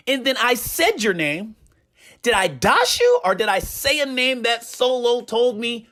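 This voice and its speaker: Animated man telling gaming gossip. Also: extremely high pitch, moderate pace. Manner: animated storytelling with a repeated catchphrase. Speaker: gaming community commentator. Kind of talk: casual commentary.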